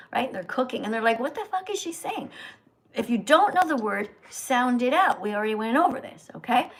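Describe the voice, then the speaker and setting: An older woman hosting a livestream, lecturing and correcting a reader's pronunciation slowly and sternly. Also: fairly high pitch. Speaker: host, vegan teacher. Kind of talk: livestream reading lesson.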